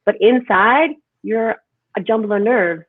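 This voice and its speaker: A woman's voice: medium pitch, unhurried, no echo. Emphatic woman on a tinny line. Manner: animated, emphatic, lots of "right?". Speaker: holistic health speaker. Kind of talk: conversational interview. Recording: tinny phone-like line, dry.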